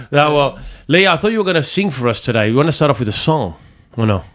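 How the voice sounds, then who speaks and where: A man's voice: a little high, fairly bright tone. Cheerful male podcast host. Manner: cheerful, laughs often. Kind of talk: casual chat. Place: studio.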